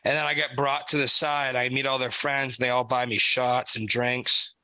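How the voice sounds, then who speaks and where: A young man co-hosting a podcast, telling an animated, profane story in casual chat. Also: medium pitch, normal speed, no room sound, poor audio. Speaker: podcast co-host.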